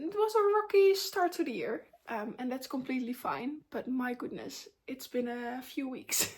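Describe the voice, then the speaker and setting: A young woman with a fairly high voice chats openly to her camera, sharing a personal life update. She is candid and talkative, and her sentences are loose and full of ums and likes. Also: husky. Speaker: vlogger.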